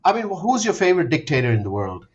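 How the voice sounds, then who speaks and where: A man's voice: a little high, very animated, fast, a little mellow, a little hiss or hum. Rambling man hosting on muffled webcam audio. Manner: rambling, stumbling restarts, giggly. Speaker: podcast host. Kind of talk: casual comedic chat.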